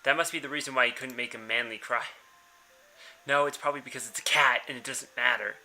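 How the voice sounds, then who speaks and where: Young guy reading a visual novel out loud, blunt and casual, swears a lot, bright tone. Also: medium pitch, fast, gravelly. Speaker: let's-play host.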